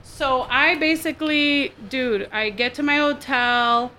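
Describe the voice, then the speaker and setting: A woman from Texas, a podcast guest, telling a story in casual chat, animated and full of "dude" and "like". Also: high voice, takes it slowly. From Texas, USA. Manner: animated, says "dude" and "like" a lot, acts out others' lines.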